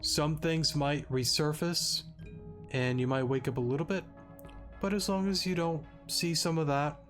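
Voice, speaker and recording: A man's voice: a little high, fairly even intonation, a little slow, faint music behind, voice pushed up, natural voice. A man voicing a commanding female spirit who offers a deal, in a raised, coaxing voice.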